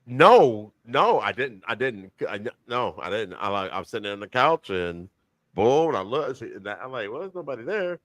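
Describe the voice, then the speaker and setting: A man co-hosting a podcast in casual chat, rambling and animated, with many restarts and slang. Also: on the low side, unhurried, dry recording. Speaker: podcast co-host.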